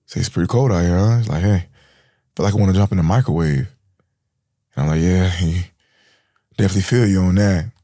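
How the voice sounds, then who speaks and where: A man's voice: low-pitched, a little fast, long pauses, mellow, no room sound, studio quality. A young man guest on a podcast, telling an emotional story in street slang, saying bro and man a lot.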